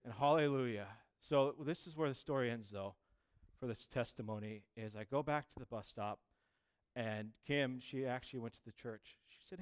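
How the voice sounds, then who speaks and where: A man preaching a sermon, telling a personal testimony in a chatty, lively way and acting out the voices of people he quotes. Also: mid-range voice, fairly quick. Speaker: pastor.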